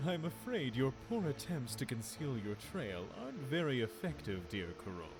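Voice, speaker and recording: A man voicing a smug tall fire mage who speaks in a smooth, casual, sing-song deep tone. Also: sing-song, normal speed, over music. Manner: casual smooth taunting drawl.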